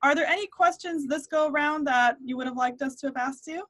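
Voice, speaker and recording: A woman's voice: high voice, a little fast, fairly bright tone. A woman hosting a podcast, asking a guest questions in an encouraging way. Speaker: podcast host. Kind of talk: interview questions.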